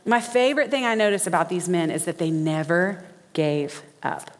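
A woman preaching a sermon, folksy and animated, acting out quotes as she tells stories. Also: fairly low pitch. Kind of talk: sermon with storytelling. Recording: reverberant hall.

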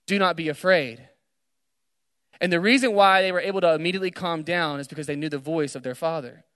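A young man preaching casually to students from a stage, retelling a story with animated asides. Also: fairly high pitch, fast talker, clean tone, no echo, big-room sound. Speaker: speaker at a student gathering. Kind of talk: energetic sermon. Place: large hall on a stage.

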